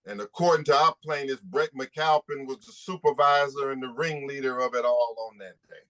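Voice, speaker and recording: A man's voice: mid-range voice, normal speed, fairly bright tone. A man, an attorney hosting a press conference, speaking emphatically and repeating rhetorical questions.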